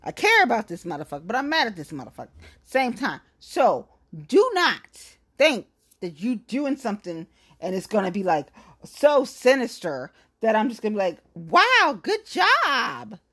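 A woman's voice: mid-range voice, very animated, moderate pace, slightly rough. A woman venting angrily in a blunt, profane rant, talking straight to her viewers. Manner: blunt, profane, heated, emphatic. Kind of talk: angry venting rant to camera.

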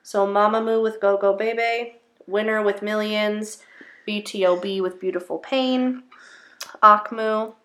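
A woman co-hosting a relaxed conversation, running through lists of names and votes. Her voice sits in an ordinary middle register, and she teases and laughs easily. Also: medium pitch, unhurried. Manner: playful, laughs often, teasing. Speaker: co-host. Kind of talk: casual chat about music awards.

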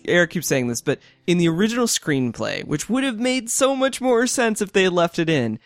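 A man with a slightly high voice chats casually as a podcast co-host, trailing off and restarting as he goes. His lines laugh along easily. The sound is close and dry, with no room around it. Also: sing-song, a little fast, no echo. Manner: chatty, stumbling restarts, laughing often. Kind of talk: casual film chat.

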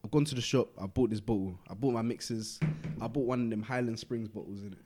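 A young man with a low-ish voice tells a long story casually on a podcast he co-hosts, talking fast over music. He is animated, acts out quotes and uses London street slang.

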